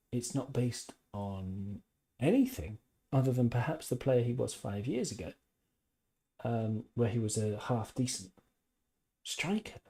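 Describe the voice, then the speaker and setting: A man's voice: medium pitch, warm tone, husky. A man hosting a casual live-stream podcast from home, reading out chat comments and rambling with opinionated, jokey asides.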